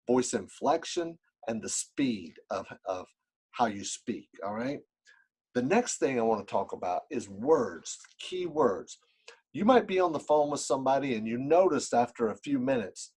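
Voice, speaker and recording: A man's voice: mid-range voice, a little mellow, slightly rough, rough recording. A man giving a casual instructional talk about buying property, talking straight to the viewer and checking in often with "right?" and "okay?". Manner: demonstrates by acting out phone calls. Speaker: real estate investor teaching.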